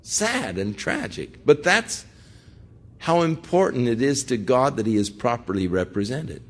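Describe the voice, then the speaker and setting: A man's voice: mid-range voice, sing-song, a little slow. An older man, a pastor, teaching through a Bible passage in an earnest, conversational way and putting direct questions to his listeners.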